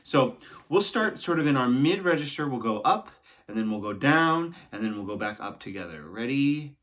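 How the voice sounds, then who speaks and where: A young adult man teaching singing, guiding a vocal warm-up and often checking in with "right?". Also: mid-range voice, very animated, normal speed. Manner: encouraging, talks along with exercises, often ends with "right?". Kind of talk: guided vocal warm-up lesson.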